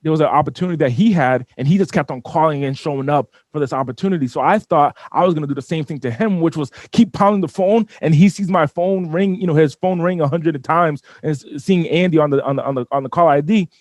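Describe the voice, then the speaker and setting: A man telling a personal story as an interview guest, animated and often repeating and restarting his words. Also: a little high, fast, hardly any pauses, no room sound. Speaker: business owner guest. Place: studio.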